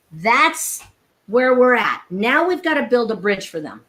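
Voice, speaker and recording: A woman sales coach speaking live over a video call, brisk and emphatic, with frequent laughter and humor. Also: fairly high pitch, very animated, fairly bright tone. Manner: brisk, emphatic, laughs often, acts out dialogue. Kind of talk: energetic live talk with humor.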